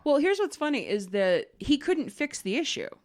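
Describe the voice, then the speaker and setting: A woman's voice: sits high, normal speed. A woman co-hosting a podcast, chatting casually and acting out the voices in her story. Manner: animated storyteller, acts out dialogue in other voices. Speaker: podcast co-host.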